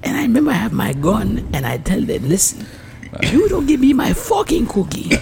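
A man's voice: extremely high pitch, huge pitch swings, normal speed, creaky, a little mellow, slight background noise, voice pushed up, full character voice. A man voicing an angry woman customer in a mock Jamaican accent, speaking broken, indignant English. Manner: broken grammar, indignant complaining. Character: fed-up woman customer, gun-waving, cookie-demanding.

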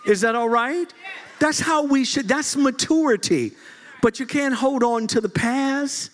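High-pitched, joking man preaching. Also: a little slow. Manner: lively, joking preacher with frequent laughs. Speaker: pastor. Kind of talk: sermon.

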